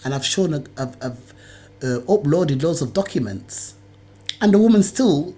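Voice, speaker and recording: A woman's voice: low voice, animated, unhurried, dark tone. A woman recording a ranting video monologue to camera, agitated and rambling, swearing often and repeating herself. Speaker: video blogger.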